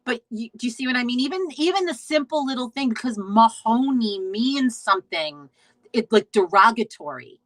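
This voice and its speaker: A woman's voice: fairly high pitch, lively intonation, normal speed, no echo, poor audio. A woman hosting a casual live stream, chatting in a rambling way, reading out viewer comments, swearing freely and restarting her sentences. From United States. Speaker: host of a witchcraft talk stream.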